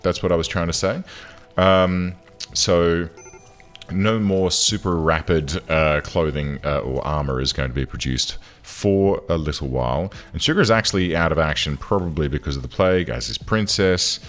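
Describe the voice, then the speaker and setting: A man giving casual commentary as he plays a game, chatting along and breaking into loud, exasperated outbursts. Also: deep voice, moderate pace. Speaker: gaming channel host.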